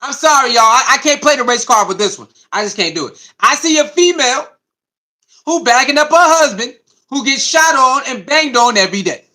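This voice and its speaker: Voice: sits high, expressive, brisk, bright, forceful tone. A sports commentary host, reacting to clips and chat in a loose, repetitive way.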